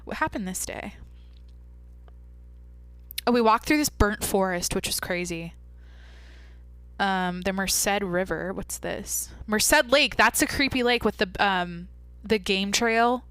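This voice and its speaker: A woman's voice: mid-range voice, takes it slowly, long pauses, fairly bright tone, smooth, no room sound. A young woman hosting a podcast, talking candidly in a rambling, casual way with lots of "like". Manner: rambling, candid, heavy use of "like". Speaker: podcast host. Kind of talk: casual monologue.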